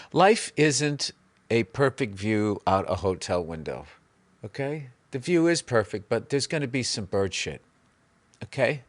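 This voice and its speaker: A man's voice: medium pitch, no room sound, close to an everyday voice. Smug greedy guru guy preaching life advice, dry close sound, man putting it on. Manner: mock-sincere, preachy. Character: smug greedy male self-help guru author.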